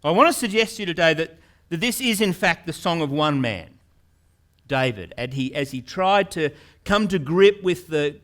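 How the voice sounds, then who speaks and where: Guy preaching a sermon, fairly high voice, earnest, stumbles and repeats words, gets loud on the big questions. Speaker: pastor.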